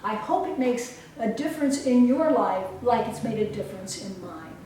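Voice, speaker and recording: A woman coach giving a motivational talk and leading a guided exercise with slow, emphatic, soothing instructions. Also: a little high, mellow. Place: event hall. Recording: roomy echo from far off, faint noise.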